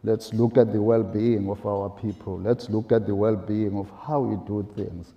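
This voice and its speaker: A man speaking on a panel, halting with many fillers and rhetorical questions. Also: lowish voice, flat delivery, muffled recording. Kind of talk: panel discussion. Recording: roomy echo.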